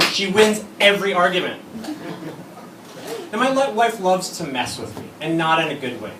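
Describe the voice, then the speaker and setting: A man performing a stand-up comedy set, telling bawdy stories and acting out the quoted lines. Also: a little high. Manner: bawdy, storytelling with acted-out quotes. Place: comedy club stage. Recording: echoey room, from far off, noisy.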